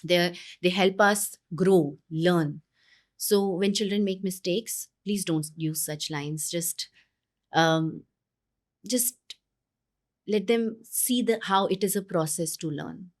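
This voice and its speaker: Earnest woman giving parenting advice. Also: on the low side. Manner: earnest, with many pauses and restarts. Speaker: parenting coach. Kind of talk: conversational interview advice.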